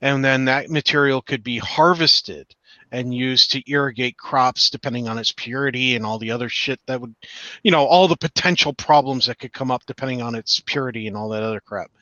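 A man's voice: mid-range voice, brisk, pushed and bright, no echo, dull audio. A man co-hosting a live-streamed space talk, blunt and casual with mild swearing.

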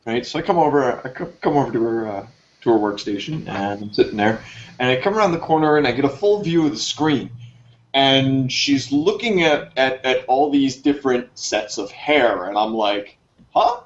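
Animated storytelling guy, dull lo-fi sound. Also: moderate pace. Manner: animated, jumps high for quoted reactions. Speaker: podcast co-host telling a story. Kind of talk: casual storytelling chat. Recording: dull lo-fi recording.

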